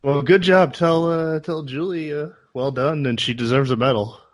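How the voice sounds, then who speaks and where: A man's voice: fairly high pitch, fairly even intonation, moderate pace. A man co-hosting a podcast who listens, reacts with short exclamations and laughs, and asks follow-up questions in casual chat. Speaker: podcast co-host.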